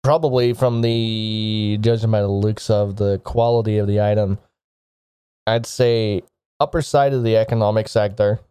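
A man's voice: fairly low pitch, steady tone, normal speed, warm tone, clean tone, no room sound, studio quality, natural voice. A man voicing a rotund male records keeper in his late fifties, blunt and coarse in manner. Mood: appraising.

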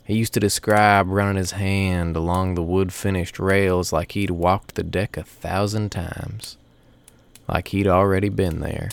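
Deep gravelly male storyteller. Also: flat delivery. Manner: folksy, unhurried storytelling. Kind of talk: first-person story narration.

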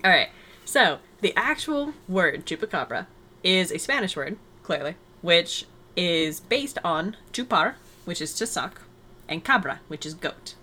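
A woman's voice: fairly low pitch, expressive, measured pace, bright, forceful tone. A woman hosting a podcast in casual chat, explaining and telling stories in an upbeat way. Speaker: podcast host.

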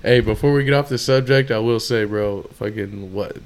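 A young man, rambling through football memories in casual chat and often trailing off quietly. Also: fairly low pitch, moderate pace.

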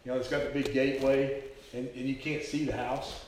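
Preacher echoing in a big hall. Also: male voice, medium pitch, flat delivery, fairly quick, slight background noise. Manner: earnest storytelling, frequent stammered repeats. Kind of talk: sermon. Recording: very echoey hall, speaker far from mic.

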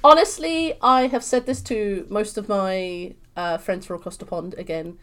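A young woman from London with a British accent, a guest chatting in an interview, bubbly and expressive. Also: medium pitch, normal speed. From London, England. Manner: bubbly, expressive, swings into animated voices. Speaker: podcast guest. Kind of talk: casual interview chat.

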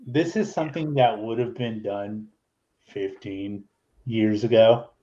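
A man's voice: lowish voice, takes it slowly, warm tone, highs cut off. A man hosting a podcast in casual chat, annoyed and swearing freely. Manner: annoyed and profane. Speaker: podcast host.

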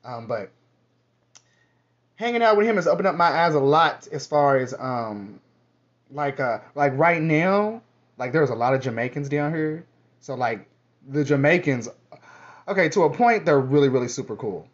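A fairly high-voiced man talks straight to camera in a loose, rambling monologue, dropping curses and sass as he goes. The audio is muffled and lo-fi. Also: lively intonation, normal speed, long pauses. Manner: sassy, profane, rambling. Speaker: vlogger. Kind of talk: casual monologue. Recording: dull lo-fi audio.

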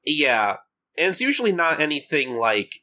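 Bright-voiced man in casual podcast chat. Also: a little high, big pitch swings, moderate pace. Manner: hesitant, many fillers and restarts. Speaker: podcast co-host.

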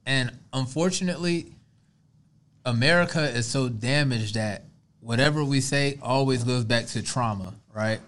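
A man's voice: mid-range voice, normal speed, a bit bright. A man talking casually on a podcast, loose and conversational, stretching words for emphasis. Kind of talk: casual chat.

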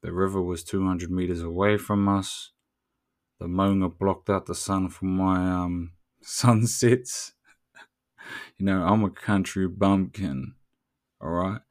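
A man's voice: sits low, fairly even intonation, slow pace, a little mellow. A man from New Zealand with a New Zealand accent, talking in a casual, profane, slangy monologue with frequent laughs.

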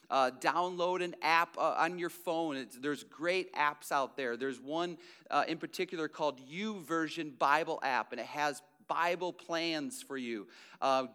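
A male pastor preaching in a loose, conversational way, often restarting a phrase before pressing his point. His voice sits high for a man and comes through smooth and resonant. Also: pushed and bright. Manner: conversational preaching with frequent restarts and rising emphasis. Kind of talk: sermon.

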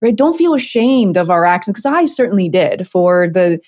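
Halting woman interview host, low voice. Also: big pitch swings, a little mellow. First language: not English. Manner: halting, many fillers and restarts. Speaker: interview host, documentary filmmaker.

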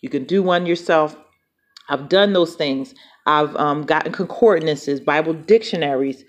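Woman podcast preacher, low voice, chatty Bible teaching. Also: measured pace. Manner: conversational, repeats "right?" and restarts phrases.

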